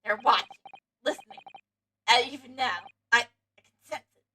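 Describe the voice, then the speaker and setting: A woman voicing a paranoid, excitable young Japanese male scholar, theatrical and given to loud outbursts. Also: a little high, moderate pace, distant mic, a little hiss or hum, voice pushed down.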